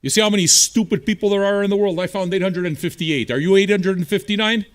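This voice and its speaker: A man's voice: sits high, quick pace. A man hosting a livestreamed music show, answering viewer chat in a blunt, profane, combative way. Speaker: streaming radio DJ host.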